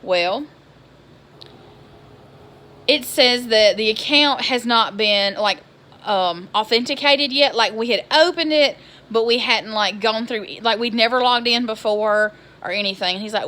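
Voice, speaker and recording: A woman, telling a story in an exasperated, animated vlog style. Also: fairly high pitch, unhurried. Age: 20s. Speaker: vlogger.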